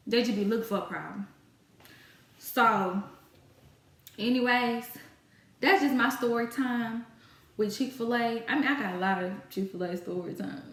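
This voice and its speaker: A woman telling a casual storytime about work, exasperated and ranting about difficult customers. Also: on the high side. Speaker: storytime vlogger. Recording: echoey room.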